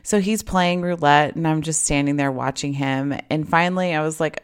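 A woman's voice: low-pitched, steady tone, moderate pace, hardly any pauses, clean tone. A young adult woman telling a personal story in casual chat, acting out quoted dialogue and saying "like" often. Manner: chatty, acts out quoted dialogue with lots of "like".

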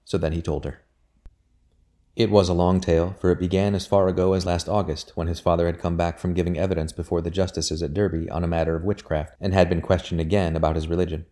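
A male audiobook narrator with a low, dark voice. He reads at a measured, unhurried pace, steady and even. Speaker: audiobook reader. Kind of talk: audiobook narration of a historical novel.

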